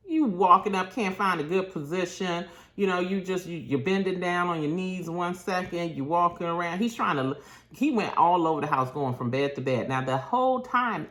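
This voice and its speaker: A woman, telling a story in a casual vlog rant and acting out what people said. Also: lowish voice. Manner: animated, acts out quotes in shifting voices. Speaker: vlogger.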